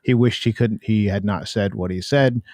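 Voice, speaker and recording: Male podcast co-host, low voice, earnest storyteller, dry close sound. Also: normal speed, darkish tone, dry recording. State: in cancer treatment. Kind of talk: casual chat.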